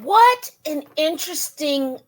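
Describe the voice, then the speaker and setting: A woman's voice: sits high, expressive, slow pace. A woman hosting an interview show who talks in an enthusiastic, rambling way, full of exclamations. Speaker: podcast host. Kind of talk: casual interview chat.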